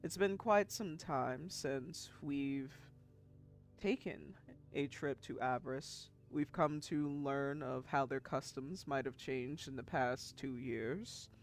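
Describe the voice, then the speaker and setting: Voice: mid-range voice, voice pushed down. A game master voicing Jinwei, a formal, courtly male traveler on business in a tabletop game. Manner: courtly, measured speech.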